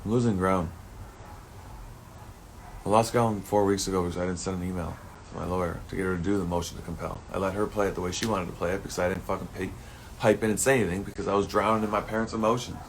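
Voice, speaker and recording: A man's voice: deep voice, steady tone, fast, slight background noise. A man talking through a rambling personal monologue, swearing often and turning heated and emotional at times.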